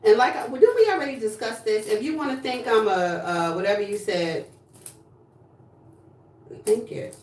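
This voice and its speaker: A woman's voice: fairly high pitch, expressive, moderate pace, pauses often, darkish tone, distant mic. A woman from New Jersey chatting casually on a livestream, sassy and blunt with plenty of swearing. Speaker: livestream host. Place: home room, indoors. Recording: echoey room, voice from off-mic.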